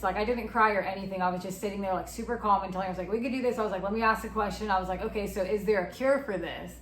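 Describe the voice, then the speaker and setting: Racing along with few pauses, a twentysomething woman being interviewed tells a personal story frankly, frequently voicing what people said. Her pitch sits mid-range, and the recording is echoey and of poor quality.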